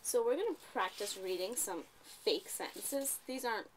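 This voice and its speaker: A woman tutoring a child one-on-one, patient and coaxing, often checking in with a quick "right?". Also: medium pitch, lively intonation, slight background noise. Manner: patient, coaxing, ends points with tag questions.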